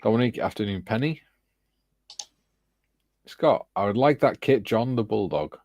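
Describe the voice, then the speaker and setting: A man's voice: fairly low pitch, animated, measured pace, darkish tone, no room sound. A man hosting a casual livestream, reading viewers' chat messages aloud and chatting with his panel. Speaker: livestream host.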